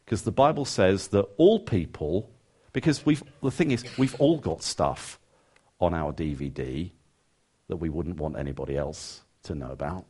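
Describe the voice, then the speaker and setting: A man preaching a sermon in a conversational way, often voicing what his listeners might be thinking. His pitch swings widely, climbing high on emphatic questions and dropping low for quiet, earnest points. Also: normal speed, husky. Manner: lively, rising emphatic questions then quiet earnest asides; conversational, acts out listeners' thoughts.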